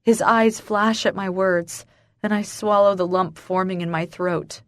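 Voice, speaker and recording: A woman narrates a first-person romance audiobook with an emotional, breathless intimacy. Her voice sits on the low side, and the recording is dry and close with no room sound. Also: steady tone, unhurried, a bit bright, dry recording.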